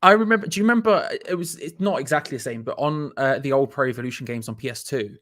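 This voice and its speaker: A man hosting a football watch-along from his flat over a video call, easygoing and jokey, laughing often. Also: mid-range voice, fast talker. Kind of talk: casual chat.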